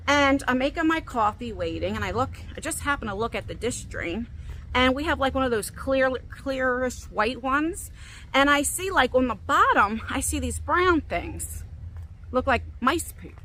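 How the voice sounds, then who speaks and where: A middle-aged woman tells a story on her phone while walking outdoors. Her voice sits high and bright, and she jumps even higher when she acts out what she said. A faint hiss of open air runs underneath. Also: normal speed. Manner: animated, quotes herself with big jumps in pitch. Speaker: vlogger. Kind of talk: casual storytelling. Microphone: phone on a selfie stick.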